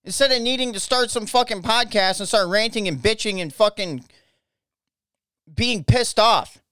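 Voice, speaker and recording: An American man rants on his podcast, swearing hard and tripping over his own words as he goes. His voice is smooth and resonant, recorded dry and close with no room sound. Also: high-pitched, a little fast, bright, forceful tone, no room sound. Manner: angry, profane, repeats himself. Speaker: podcast host. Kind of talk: ranting political podcast monologue.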